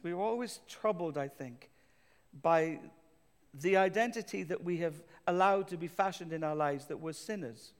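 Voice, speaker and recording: A male pastor preaching a sermon, telling a personal story with self-deprecating humor and building to emphatic declarations. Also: high-pitched. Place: church. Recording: reverberant church hall.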